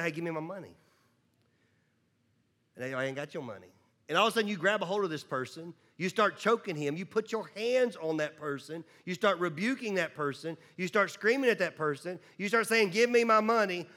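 A male preacher with a high-pitched voice delivers a sermon. He talks conversationally, doubling words as he starts sentences. He swings between loud, driving emphasis and low, hushed asides. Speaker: pastor.

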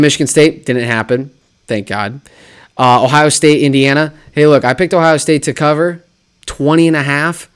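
A man hosting a solo sports talk show, riffing and mocking himself with lots of rhetorical questions. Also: mid-range voice. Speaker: sports podcast host.

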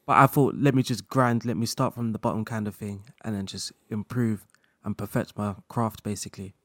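A man speaking as a guest in a casual interview chat, relaxed, laughing often and talking in loose run-on sentences full of fillers. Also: fairly low pitch, fairly quick, dry recording, studio quality. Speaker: guest content creator.

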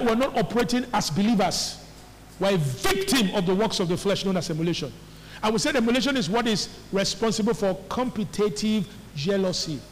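A man's voice: sits high, a little hiss or hum. A man preaching a sermon as pastor, often asking the congregation whether they hear him. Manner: call-and-response preaching, repeated questions to the congregation. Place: church hall. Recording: faint echo of a large church hall.

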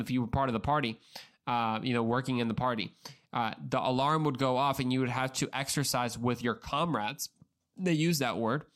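A man hosts a solo podcast in a voice of middling pitch. He speaks earnestly and conversationally, addressing the listener directly and often stumbling over and repeating words as he explains. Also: fairly bright tone. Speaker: podcast host.

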